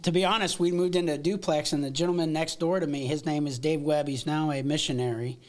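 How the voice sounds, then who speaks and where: A middle-aged American man telling stories from his past in a casual interview, animated and full of restarts and laughs. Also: fairly high pitch, fast. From United States. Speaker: podcast guest.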